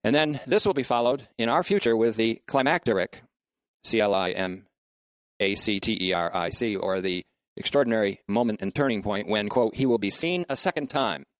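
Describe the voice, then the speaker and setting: A man's voice: fairly low pitch, moderate pace, dry recording. A man giving a methodical Bible lecture, reading verses and spelling out Greek words letter by letter. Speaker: bible teacher. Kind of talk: scriptural lecture.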